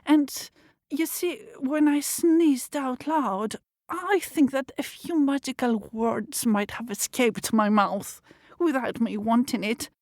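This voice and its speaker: A woman's voice: high voice, slow pace, dry recording, studio quality. A woman voicing a sheepish male peddler and magician who stammers apologies, in a storybook.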